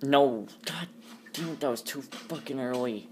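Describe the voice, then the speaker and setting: A woman commenting live on her gameplay, frustrated and swearing constantly, shouting at enemies on screen. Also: extremely low pitch, a little slow, a little hiss or hum. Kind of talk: live let's-play commentary.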